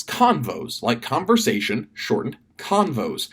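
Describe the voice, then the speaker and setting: A man briefing camp volunteers in a casual video message from his desk, talking fast with lots of fillers and restarts. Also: medium pitch, big pitch swings, fairly bright tone, breathy edge. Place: indoors at a desk.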